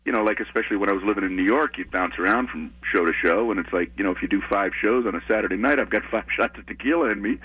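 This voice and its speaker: A comedian chatting as a radio guest, halting with many ums and restarts. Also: male voice, fairly low pitch, husky, lo-fi sound. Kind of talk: casual radio interview chat.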